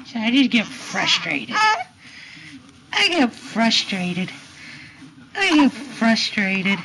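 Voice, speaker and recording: A woman's voice: fairly high pitch, very animated, slow pace, heavy background noise, exaggerated voice. A woman speaking for a fussy, frustrated baby girl in a whiny, complaining way, at home by a changing table.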